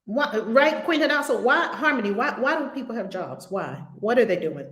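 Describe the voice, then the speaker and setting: A woman spiritual teacher talks to her group in a blunt, lively way, swearing now and then and acting out little scenes. Her voice sits a touch high. The room around her sounds echoey. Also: normal speed. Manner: animated, acts out little scenes.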